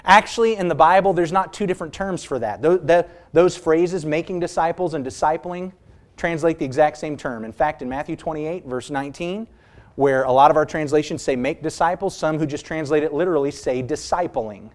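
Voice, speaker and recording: A man preaching a sermon, emphatic, drawing out key words slowly and putting rhetorical questions to his listeners. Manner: emphatic, stretches key words slowly and rises in pitch for stress; asks the congregation rhetorical questions.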